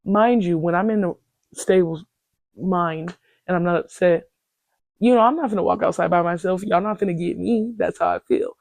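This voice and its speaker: Animated, profane woman in her twenties venting. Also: on the low side, normal speed, gravelly, no room sound. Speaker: podcast host. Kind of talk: casual storytelling monologue.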